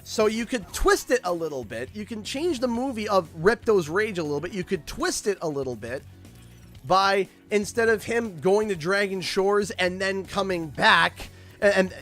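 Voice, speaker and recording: Canadian streamer riffing animatedly. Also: male voice, high voice. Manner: rambling, animated storytelling, frequent restarts. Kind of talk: casual game livestream chat.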